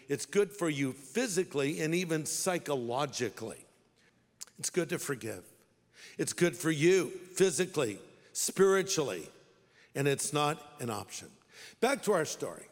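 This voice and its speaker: A male pastor delivers a sermon in a high, bright voice, wry and direct in tone. The long reverb of a large hall trails behind each phrase.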